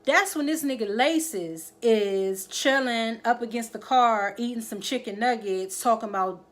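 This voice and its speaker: Her voice sits a little high and she takes her time. Reviewing a TV drama episode in a relaxed, chatty recap, she acts out what the characters say with lively storytelling and talks right to viewers, repeatedly checking in with "okay?"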